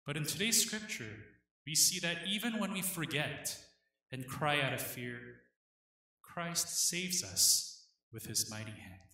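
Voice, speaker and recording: A man, the pastor, preaching an earnest sermon with dramatic pauses. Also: fairly high pitch, animated, bright, forceful tone, heavy reverb, recorded from a distance.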